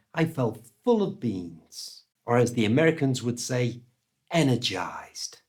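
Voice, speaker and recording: A man with a British accent teaches English through a story told straight to the viewer. He speaks slowly and carefully, with a voice that moves lively between high and low notes. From United Kingdom. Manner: slow, deliberate delivery with lively ups and downs. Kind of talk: storytelling lesson to camera.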